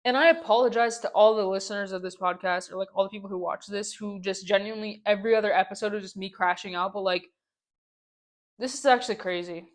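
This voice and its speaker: A woman's voice: mid-range voice, steady tone, fast talker. A young woman hosting her own podcast, venting in a casual story-time ramble full of "like" and exasperated repeats. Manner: exasperated, ranting, lots of "like". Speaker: podcast host.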